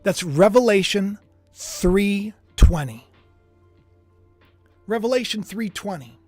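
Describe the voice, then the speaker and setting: Animated man preaching on a livestream. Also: sits high, slow pace, dry recording, soft background music. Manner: emphatic, swings from hushed to shouting. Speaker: preacher streaming live.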